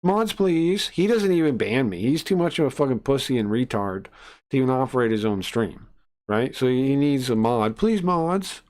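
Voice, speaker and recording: A man's voice: mid-range voice, animated, a little fast, a little mellow. A man from the United States on a casual live stream, ranting in a profane, scornful way into a desk mic.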